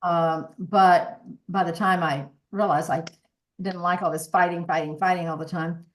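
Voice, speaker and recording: Pitched fairly low with fairly even intonation and a moderate pace, a voice coach in her sixties talks in a conversational interview as a podcast guest. She's earnest and reflective, frequently beginning sentences again.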